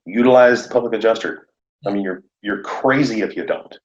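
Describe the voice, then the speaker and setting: A man talking shop as a podcast guest, animated and laughing often as he acts out conversations. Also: on the low side, a little fast. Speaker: podcast guest, roofing contractor. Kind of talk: casual podcast chat. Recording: echoey room, dull lo-fi sound.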